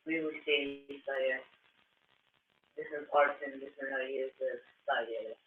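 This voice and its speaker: A male student giving slow, unsure answers in class. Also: mid-range voice, steady tone, a little hiss or hum. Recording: phone-like narrow audio.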